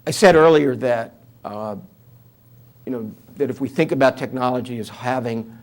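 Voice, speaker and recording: An older man with a New York accent, in his seventies, talks through an interview with an easy, anecdotal humor and plenty of fillers. His voice sits at an ordinary middle pitch. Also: moderate pace. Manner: humorous storyteller, conversational with fillers. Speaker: author and guest speaker.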